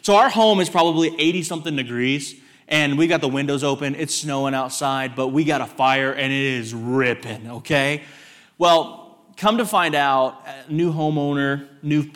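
A man's voice: on the high side, moderate pace, a bit bright. A young man preaching as a guest speaker, telling a humorous story in a folksy, joking way and chatting with the congregation.

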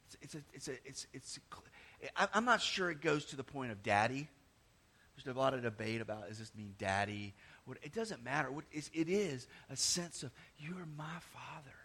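Impassioned preacher swinging loud to hushed. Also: male voice, mid-range voice, very animated, moderate pace, breathy edge. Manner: impassioned, swings from loud emphatic cries to hushed near-whispers; repeats words and restarts phrases. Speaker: pastor. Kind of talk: sermon.

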